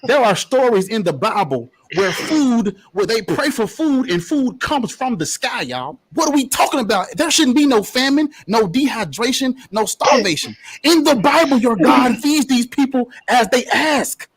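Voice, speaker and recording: A man tears into his opponents in a heated live debate, swearing freely and hammering his points like a preacher. His voice sits high and has a husky edge. It leaps up and down with every jab. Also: expressive, moderate pace. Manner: profane, emphatic, preachy. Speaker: debate panelist.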